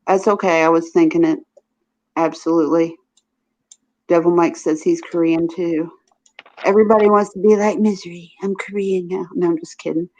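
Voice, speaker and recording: A woman's voice: on the low side, steady tone, normal speed, pauses often, darkish tone. A woman with a Southern US accent hosting a casual live stream, chatty and laughing often. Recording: dull lo-fi stream audio.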